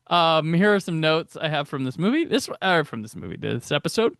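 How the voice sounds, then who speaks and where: A man's voice: a little high, very animated, fairly quick, gravelly, hardly any pauses, fairly bright tone, dry recording, studio quality. A man hosting a casual commentary podcast, chatty and laughing often, restarting his sentences. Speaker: podcast host.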